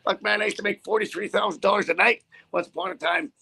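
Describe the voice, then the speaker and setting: A man's voice: high-pitched, fairly even intonation, quick pace, gravelly, sharp tone, breathy edge. A middle-aged man who drives a truck, talking in a blunt, profane, rambling way with many restarts. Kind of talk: casual on-camera chat.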